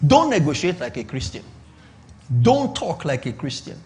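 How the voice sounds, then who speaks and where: Slow and full of long pauses, a fairly high, darkish voice with big pitch swings carries this middle-aged Nigerian pastor's business sermon, over slight hiss or hum. He is emphatic, repeats himself, and seeks the audience's confirmation.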